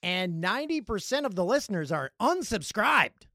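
A Canadian man hosting a casual solo podcast, jokey and animated, with loud playful outbursts. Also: high voice, normal speed, dry recording, clean studio sound. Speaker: podcast host.

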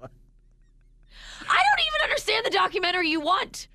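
A woman co-hosting a radio show, doing improv comedy with animated, sarcastic asides. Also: very high-pitched, a little slow, no echo, clean studio sound. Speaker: radio co-host.

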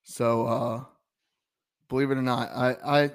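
A man's voice: medium pitch, measured pace. Southern man telling a sports story. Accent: Southern American. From American South. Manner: rambling, many restarts, animated storytelling. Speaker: podcast co-host. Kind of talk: casual sports chat.

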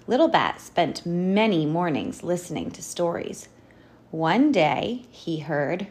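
A woman reading a picture book aloud in an expressive, animated storytelling manner. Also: on the low side, slow pace, breathy edge. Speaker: storybook reader.

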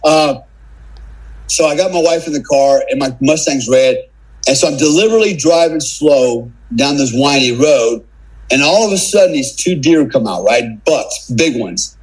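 A middle-aged American man appears as a podcast guest, telling a casual, salty story full of swearing and tacking "man" and "right?" onto his lines. His voice is mid-range, animated and husky at a normal speed, and the recording is low-quality.

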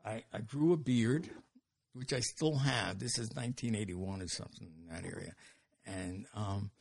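An older man telling stories as an interview guest, animated and acting out the dialogue with quick restarts. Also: on the low side, gravelly, slightly rough. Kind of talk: anecdotal storytelling.

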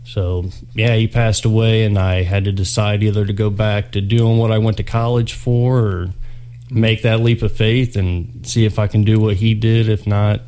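Easygoing man, slightly low voice. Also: level tone, moderate pace, dark tone. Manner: easygoing, rambling storyteller. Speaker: podcast guest. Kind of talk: casual chat.

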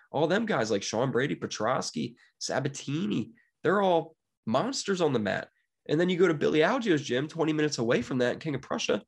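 A man's voice: lowish voice, gravelly. A young man, brash and jokey, giving casual betting picks as a podcast producer. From Pennsylvania, USA. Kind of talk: casual monologue.

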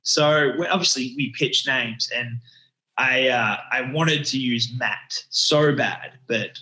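A man in his thirties with an Australian accent tells rambling, slangy stories as a guest in a casual interview, restarting often. He speaks slowly at medium pitch in a pushed, bright voice, and the recording is rough, with an echoey room.

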